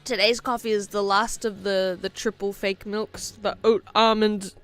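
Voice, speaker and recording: A woman's voice: medium pitch, flat delivery, a little slow, faint music behind. A young woman streaming as she draws, chatting casually, thinking aloud and playfully repeating words. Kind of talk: casual livestream chat while drawing.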